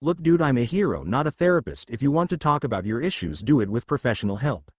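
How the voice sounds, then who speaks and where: A man voicing an unimpressed young male hero student with a deadpan, sarcastic manner. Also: mid-range voice, fast talker, slightly rough.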